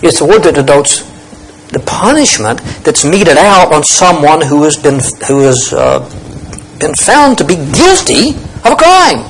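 A man's voice: on the high side, big pitch swings, a little slow, a little hiss or hum, low-quality recording. A man teaching a Bible lesson, explaining Greek words emphatically and thinking aloud with restarts.

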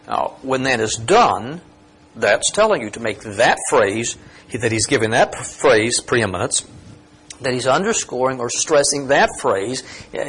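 A man's voice: medium pitch, a bit bright, slight background noise. Man teaching a Bible passage. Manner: explanatory, rising to emphatic peaks.

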